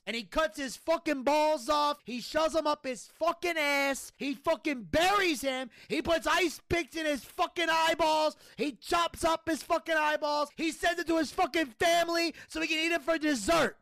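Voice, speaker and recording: A man putting on an Italian-American accent to voice a foul-mouthed, hot-headed gangster who rants and shouts threats. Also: very high-pitched, creaky, no room sound, pitched above the performer's own voice, heavily acted. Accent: put-on Italian-American. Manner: ranting, profane, shouting threats.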